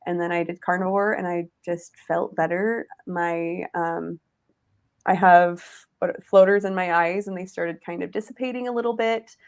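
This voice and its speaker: A woman's voice: lowish voice, fairly even intonation, moderate pace. A woman co-hosting a casual livestream, telling her own story in a loose, rambling way. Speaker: livestream co-host.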